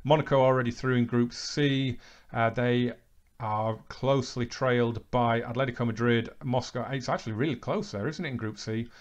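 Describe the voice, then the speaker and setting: Gaming host, let's-play commentary, even middle voice, livens up for near misses and saves. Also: male voice, medium pitch, normal speed. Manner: excitable match commentary, relaxed recap.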